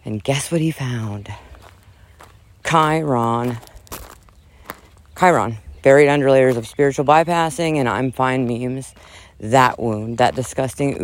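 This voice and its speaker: A man reading a dramatic, profane rant and breaking off into casual asides, switching between loud mock yelling and quieter talk. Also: mid-range voice.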